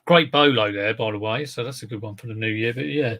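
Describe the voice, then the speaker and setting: A man's voice: medium pitch, a little fast, creaky, hardly any pauses, fairly bright tone. A man hosting a casual reseller livestream, chatting to viewers in a rambling way while he handles and lists items.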